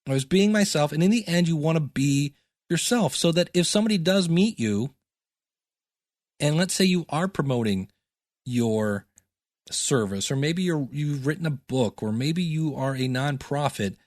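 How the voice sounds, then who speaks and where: A man's voice: fairly high pitch, animated, normal speed, a little mellow, dry recording, clean studio sound. A middle-aged man teaching podcasting in a chatty, self-deprecating solo talk with goofy asides.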